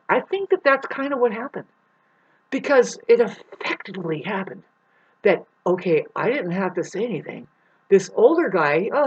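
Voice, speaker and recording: A woman's voice: fairly high pitch, husky, lo-fi sound. A woman telling a rambling story in a casual monologue, swearing and acting out the people she describes. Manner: rambling, swears, acts out the people in her story with big voice swings.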